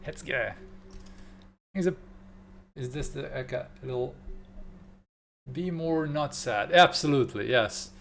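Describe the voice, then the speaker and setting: A man chats with his viewers in a playful, joking way. He talks at a slow, unhurried pace in a mid-range voice, and a faint hum runs underneath. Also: medium pitch, gravelly, a bit bright. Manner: playful, joking, mock German phrases. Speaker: streamer. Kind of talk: casual livestream chat with viewers.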